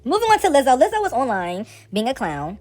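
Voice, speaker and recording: A woman hosting casual celebrity gossip commentary, sassy, slangy and animated. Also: high voice, fairly quick.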